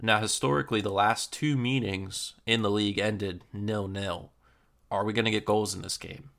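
A young man hosting a casual football podcast, previewing matches in a relaxed way with lots of fillers. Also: on the low side, moderate pace, gravelly. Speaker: podcast host.

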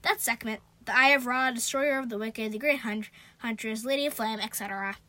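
Smug bored male god, as a woman puts him on; drawl it, keep the pitch high and the sound dry. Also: animated, a little fast, fairly bright tone, no room sound. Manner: offhand, drawling, self-satisfied. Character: bored, boastful ancient male war god.

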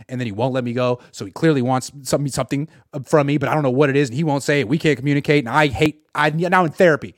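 A man giving solo sports reaction commentary, sarcastic and animated, acting out imagined quotes from the people he talks about. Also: medium pitch, racing, hardly any pauses, no room sound, studio quality.

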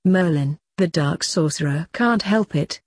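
A woman reading as a croaking old reaper lord. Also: fairly low pitch, measured pace, darkish tone, no echo, studio quality. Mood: sly. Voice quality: croaking, hissing.

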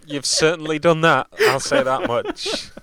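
A man's voice: on the high side, huge pitch swings, unhurried, vocal fry, sharp tone. A man co-hosting a podcast in casual chat, teasing the others with dry humor. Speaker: podcast co-host.

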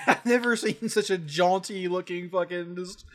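A man's voice: sits high, measured pace. A man joking and teasing his friend in casual chat. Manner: teasing, laughing banter.

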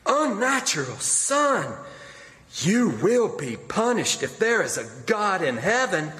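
A man voicing an older, suspicious mother who scolds her son in a shrill, sharp, pious tone. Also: big pitch swings, unhurried, heavily acted. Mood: reproachful. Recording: long hall reverb.

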